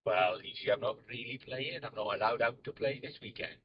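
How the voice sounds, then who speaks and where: A man's voice: medium pitch, fairly quick, lo-fi sound, crowd noise, natural voice. A man impersonating a friend with a put-on Welsh accent, cheery and teasing. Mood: chummy.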